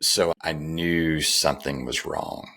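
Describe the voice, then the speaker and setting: Very deep, gravelly middle-aged man. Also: takes it slowly, sharp tone. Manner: earnest, repeats phrases for emphasis. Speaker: podcast guest. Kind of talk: conversational interview, personal story.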